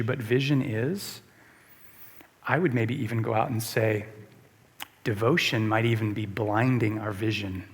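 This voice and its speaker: A man's voice: medium pitch, husky. A man preaching a sermon as a pastor, emphatic and repeating rhetorical questions to the congregation. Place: church sanctuary. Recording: long church reverb.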